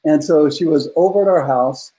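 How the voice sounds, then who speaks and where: A man's voice: a little high, normal speed, warm tone. A man in his fifties, a guest coach on a podcast, telling a personal family story in a heartfelt, earnest way with frequent fillers. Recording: roomy echoey room.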